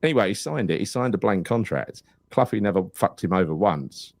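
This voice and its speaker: Low-pitched man, casual podcast chat, dry close sound with no room echo. He rambles through long anecdotes and acts out everyone in them. His stories wander but keep moving. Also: fairly quick. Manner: rambling anecdotal storyteller, animated retelling with quoted voices. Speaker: podcast host.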